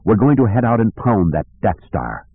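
A man's voice: lowish voice, big pitch swings, normal speed, breathy edge, dry recording. A man voicing a grim, hard-edged woman commander who speaks in clipped orders. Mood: commanding. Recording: dry tinny phone-like audio.

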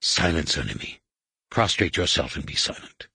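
A man reading an audiobook and voicing a majestic, menacing alien overlord who speaks in a hushed, whispered rumble, slow and commanding. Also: very animated, vocal fry, breathy edge, dry recording, clean studio sound, full character voice.

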